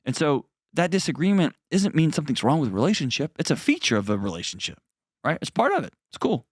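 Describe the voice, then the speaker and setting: A man's voice: a little high, sing-song, quick pace, no room sound. A middle-aged man with a drawl counsels a caller on his advice show. He sounds earnest and plainspoken, with folksy asides. The recording is close and dry, with no room sound. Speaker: host.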